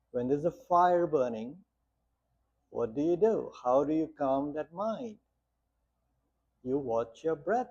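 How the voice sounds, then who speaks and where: A man whose voice runs on the high side, warm with a breathy edge, teaches a meditation class. He speaks plainly through many rhetorical questions and short stories, in a muffled, lo-fi recording.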